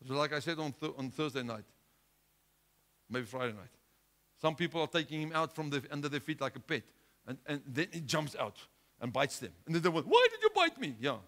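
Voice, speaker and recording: A male pastor preaches a sermon with a fairly high pitch and a fairly quick pace. He drives his points home with rhetorical questions, swinging between loud outbursts and hushed lines.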